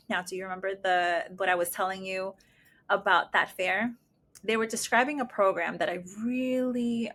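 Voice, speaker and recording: A woman's voice: medium pitch, fairly bright tone. A middle-aged woman hosting a personal podcast as a mother, talking casually, emotionally and with enthusiasm. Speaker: podcast host, parent of a disabled daughter.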